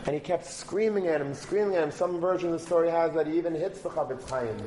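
A man giving a storytelling sermon, moving between animated retelling and forceful exhortation. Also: fairly high pitch, fast talker, hardly any pauses, slight background noise. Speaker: preacher. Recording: roomy recording with faint background.

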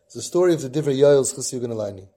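Mellow husky-voiced man telling a story. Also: medium pitch, lively intonation, racing. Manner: tells a long personal story with Yiddish and Hebrew terms. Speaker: podcast host and parenting guide. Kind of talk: storytelling talk.

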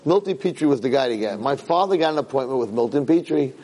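Middle-aged man, rabbi, Torah lecture, animated, emphatic, repeats himself, medium pitch. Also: fast, rough recording. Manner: animated, emphatic storyteller who repeats words and restarts phrases. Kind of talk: Torah lecture with personal storytelling.

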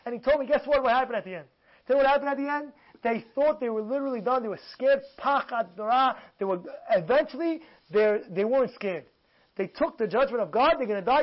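A man's voice: extremely high pitch, lively intonation, fairly quick. A man teaching a religious lesson. He repeats himself for emphasis and keeps asking his listeners rhetorical questions. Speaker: Torah teacher. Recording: dull lo-fi sound.

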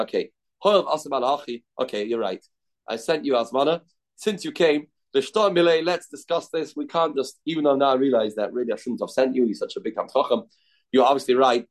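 A man giving a daily Talmud class, retelling the rabbis' exchanges with animated back-and-forth and Aramaic terms mixed into his English. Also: mid-range voice, poor audio. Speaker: Talmud teacher. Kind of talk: daf yomi lesson, retelling a Talmud story.

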